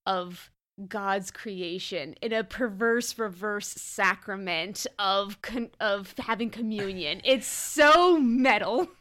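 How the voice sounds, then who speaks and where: A woman co-hosting a casual chat, gushing and animated, and she swears freely. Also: medium pitch.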